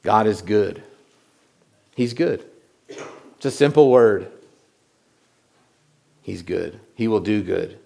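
A man preaching a sermon in a conversational way, often repeating words and swinging from loud lines to hushed ones. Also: lowish voice, animated, takes it slowly, gravelly, long pauses. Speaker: pastor.

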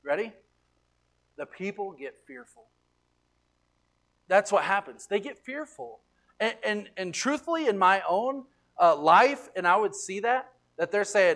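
Man preaching, pastor, higher-pitched voice, repeats words, loud then quiet, church sermon. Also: expressive, normal speed. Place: church sanctuary.

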